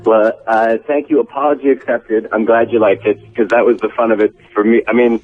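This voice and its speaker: A man calling in as a guest to a radio talk show, relaxed and joking about himself. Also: fairly low pitch, brisk, dry recording. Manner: relaxed, self-deprecating, joking. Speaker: phone-in guest, actor. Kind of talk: casual radio interview. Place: Vancouver. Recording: tinny phone line with faint music.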